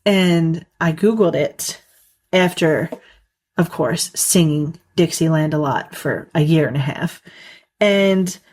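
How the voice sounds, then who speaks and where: A woman's voice: low voice, slow, darkish tone. A woman hosting a solo podcast, rambling and giggling often, with lots of "like" fillers, in casual chat. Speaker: podcast host.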